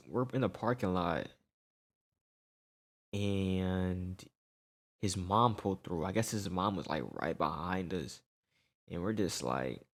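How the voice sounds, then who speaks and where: A young man telling a storytime tale in casual slang, animated and peppered with "right?" tags. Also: low voice.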